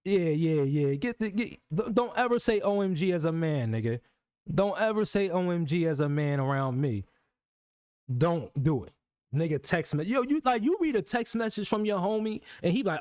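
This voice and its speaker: A man streaming live talks in with a lively, swooping pitch. He teases and curses freely. His raised voice sits over a dry, close mic. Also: moderate pace, clear, resonant tone, dry recording. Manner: animated, teasing, swears a lot, mocking quoted voices. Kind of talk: casual livestream banter.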